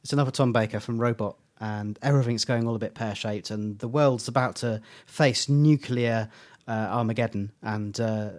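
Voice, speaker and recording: A man chats casually on a fan podcast, telling favourite scenes with animated energy. His voice sits at an ordinary middle pitch. He slips into quick impressions as he retells lines. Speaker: podcast co-host.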